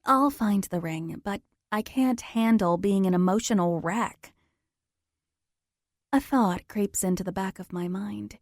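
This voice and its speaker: A woman reading a first-person romance audiobook at an unhurried, slow pace. Her voice sits mid-range and intimate, recorded close and dry. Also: medium pitch, a little mellow, no echo. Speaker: audiobook narrator.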